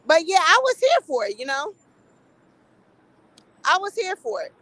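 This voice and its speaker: A woman with a high voice talks in an unfiltered, profane way, with an animated, gossipy edge. She sounds middle-aged and speaks as a commentator holding forth to her viewers. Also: measured pace, pauses often, dry recording, rough recording. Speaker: commentary vlogger. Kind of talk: casual opinion commentary.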